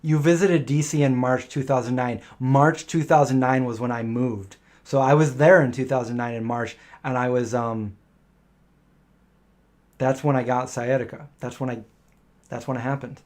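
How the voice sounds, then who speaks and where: A middle-aged man answers viewer questions in a casual live Q&A, speaking at normal speed with a steady, darkish, mid-range voice. He rambles from anecdote to anecdote, acting out the voices of the people he quotes.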